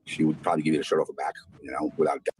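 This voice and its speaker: A man's voice: extremely low pitch, completely flat delivery, rapid-fire, darkish tone, poor audio. An older man, a father giving an interview, talking in a rambling way, full of "you know.". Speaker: father of missing woman. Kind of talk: remote interview.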